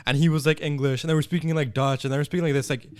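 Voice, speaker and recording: Slangy laid-back podcast host. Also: male voice, a little high, steady tone, racing, a little mellow, smooth. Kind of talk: casual chat.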